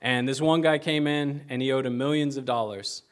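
A man's voice: mid-range voice, steady tone, moderate pace, smooth. A young man giving a casual, conversational sermon, with many fillers and a self-deprecating tone. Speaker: preacher.

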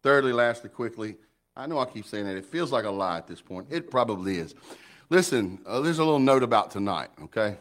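A middle-aged man preaching a sermon in an animated, folksy way, often repeating words as he builds up. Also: medium pitch, brisk. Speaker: pastor.

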